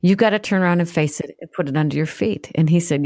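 A woman's voice: lowish voice, quick pace, hardly any pauses, a little mellow, no room sound, studio quality. A middle-aged woman, a guest author, gives a personal testimony in an interview. She tells her story earnestly and vividly, and acts out the prayers she remembers.

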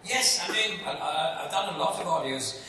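An older man, a guest actor, tells lively anecdotes on stage and slips into voices as he goes. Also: on the high side, moderate pace, far from the mic, slight background noise. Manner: animated storyteller, acts out voices, laughing. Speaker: guest actor at a fan convention Q and A. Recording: echoey hall heard from afar with crowd. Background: audience laughter.

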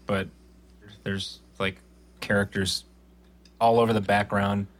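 A man with a fairly low voice chats casually, hedging and restarting as he gives his opinions. He sounds unhurried and unsure of his phrasing. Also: flat delivery. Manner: hesitant, hedging. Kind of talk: casual chat.

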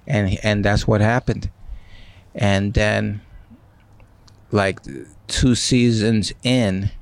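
A man in his sixties, a guest in an interview, telling stories in an animated way and acting out what others said. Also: lowish voice, drawn-out words, clean tone, no echo. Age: 60s. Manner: animated, acts out quoted speech. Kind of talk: storytelling in an interview.

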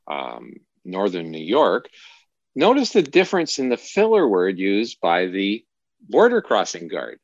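A man co-hosting a podcast, talking in a lively, joking way. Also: on the low side, dry recording, dull audio. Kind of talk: casual podcast chat.

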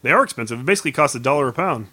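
A man's voice: medium pitch, lively intonation, rapid-fire, pushed and bright, husky. A man hosting a podcast, chatting casually and making dry, teasing jokes at his co-host. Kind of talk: casual chat.

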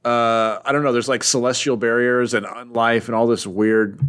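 A man's voice: mid-range voice, little pitch movement, moderate pace, fairly bright tone. A young man casually retelling a comic book plot, rambling with lots of fillers and offhand jokes. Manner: rambling, filler-heavy, joking.

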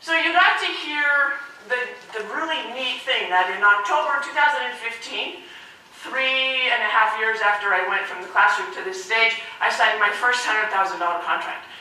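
A woman gives a keynote speech, energetic and animated, throwing questions out to the crowd. Her voice sits high and comes across bright and forceful. She is recorded from a distance in a big echoing hall. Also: normal speed. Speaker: motivational speaker. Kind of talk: keynote speech to a live audience. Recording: echoey hall, mic from far off.

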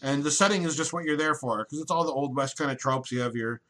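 A man's voice: on the high side, fast talker, a bit bright. A man chatting casually on a podcast, rambling and opinionated, with frequent restarts. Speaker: podcast co-host. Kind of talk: casual chat.

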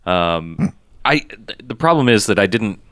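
A man's voice: on the low side, very animated, measured pace, fairly bright tone, no echo, studio quality. A man hosting a casual movie chat, rambling with lots of ums and cheerful swearing. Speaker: podcast host.

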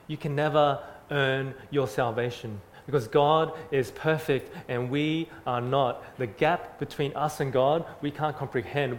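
A man's voice: medium pitch, slight background noise. Earnest male preacher. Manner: earnest preaching, repeating phrases for emphasis, shifting from loud to soft. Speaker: pastor. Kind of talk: sermon.

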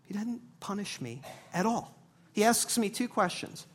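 A man preaching a sermon at a church service, telling stories in a casual, conversational way and moving between quiet asides and sudden loud bursts. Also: high-pitched, expressive, unhurried. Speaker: pastor. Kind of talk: sermon with personal storytelling.

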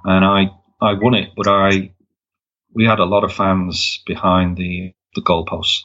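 A man working as a sports mascot, telling wry stories in a casual interview, halting with many restarts. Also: sits low, level tone, sharp tone. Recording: dull lo-fi recording.

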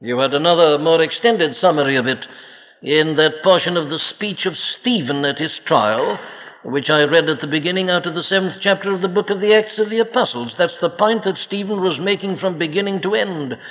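A man's voice: on the high side, a little fast. Older male preacher, solemn and emphatic sermon delivery, lo-fi archive sound. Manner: solemn, emphatic, rhetorical questions. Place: church congregation. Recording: lo-fi archive recording with long hall reverb.

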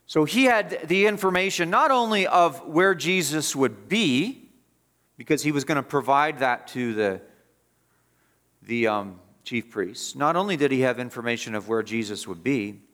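A man's voice: medium pitch, moderate pace, fairly bright tone. A man preaching an expository sermon as pastor, emphatic and repeating phrases for stress.

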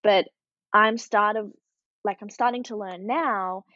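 Young Australian surfer woman, chatty guest, dull flat lo-fi recording with no room sound. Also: medium pitch, unhurried, no room sound. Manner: chatty and upbeat, with many "like" fillers. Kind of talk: casual interview chat.

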